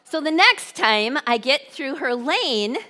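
A woman preacher telling a humorous personal story in a sermon, brisk and animated. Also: sits high.

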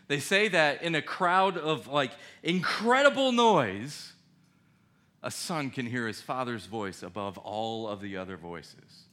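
A man preaching a sermon in a conversational, animated way, asking his listeners questions. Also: mid-range voice, unhurried. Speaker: pastor.

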